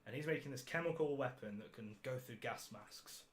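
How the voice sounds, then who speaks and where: A man's voice: medium pitch, a little fast. A man hosting a podcast, reviewing a film in casual chat, sarcastic and ranting, swearing freely and laughing at his own jokes. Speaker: podcast host.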